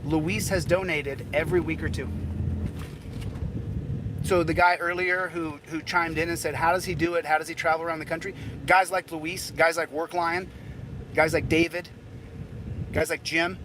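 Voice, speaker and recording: A man's voice: on the high side, fairly even intonation, moderate pace, pauses often. Sweaty man livestreaming from a noisy street. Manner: rambling, talkative, with repeated phrases. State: hot and sweating. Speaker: livestreaming channel host. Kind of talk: casual live-stream chat.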